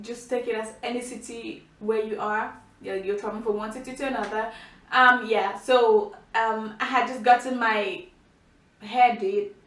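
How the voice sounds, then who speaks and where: Young woman vlogger, high voice, animated storyteller, roomy distant sound. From Cameroon. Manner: chatty, animated, many restarts and fillers. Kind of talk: casual storytelling to camera. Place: indoor room by a window.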